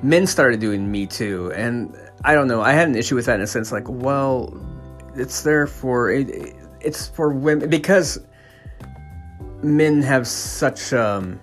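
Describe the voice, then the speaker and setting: A man's voice: mid-range voice, takes it slowly, soft background music. A man ranting casually as a podcast host, swearing and stumbling over restarts and fillers. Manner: profane, stammering restarts and fillers. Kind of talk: casual opinion rant.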